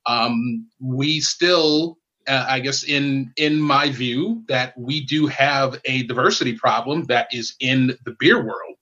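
A man hosting a casual podcast interview, laying out long questions in a relaxed way. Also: mid-range voice, slow. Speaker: podcast host. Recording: dull, slightly muffled.

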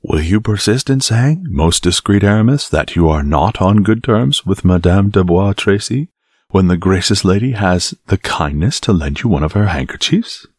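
Brief: jeering young guardsman in a period storybook, read by a husky man, dry sound. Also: deep voice, animated, normal speed, no room sound, pitched above the performer's own voice, exaggerated voice. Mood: teasing. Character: young royal guardsman, teasing and proud.

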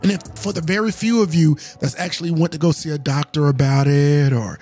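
A man's voice: a little high, brisk, darkish tone, soft background music. A man hosting a podcast, earnestly telling a personal story in a casual, conversational way and speaking straight to his listeners. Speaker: podcast host.

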